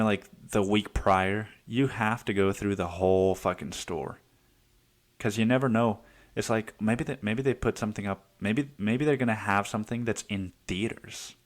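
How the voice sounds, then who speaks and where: Rambling, profane man, low voice. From United States. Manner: rambling, profane, self-interrupting. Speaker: podcast host. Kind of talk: casual solo podcast monologue.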